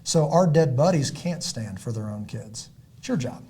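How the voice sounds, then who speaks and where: A middle-aged man, a former Navy SEAL hosting a podcast, talking in an emphatic, preachy and motivational way that rises to loud peaks and drops low, often clearing his throat. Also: expressive, moderate pace.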